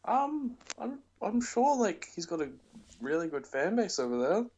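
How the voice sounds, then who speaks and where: A man's voice: sits high, very animated, moderate pace, darkish tone, breathy edge, lo-fi sound. An Australian man with an Australian accent, co-hosting a podcast in casual, teasing chat. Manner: teasing, playful. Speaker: podcast co-host.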